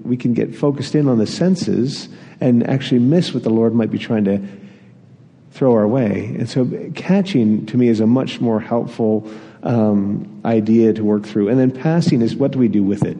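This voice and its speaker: A man's voice: medium pitch, mellow. Man preaching with a laughing, storytelling manner. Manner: storytelling, self-deprecating, chuckles often. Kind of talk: sermon. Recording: long hall reverb.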